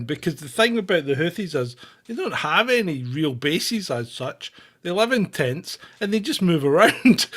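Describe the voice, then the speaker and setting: A man's voice: a little high, fairly bright tone. A man hosting an irreverent show in casual chat, wry and chuckling often. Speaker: host.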